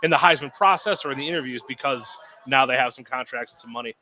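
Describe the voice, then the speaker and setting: Man with bright voice, dry interjections. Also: mid-range voice, fast. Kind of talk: casual sports talk.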